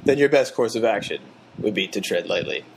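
A man voicing a cold, threatening middle-aged male drug kingpin, speaking low and slow. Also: lively intonation, creaky, a little hiss or hum. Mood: menacing.

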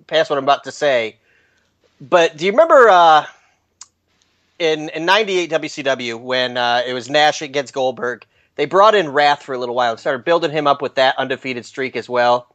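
A man on a podcast panel, thinking out loud with small chuckling asides. His voice sits a little higher than most men's. The sound is dry and close. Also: no echo. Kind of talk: casual panel chat.

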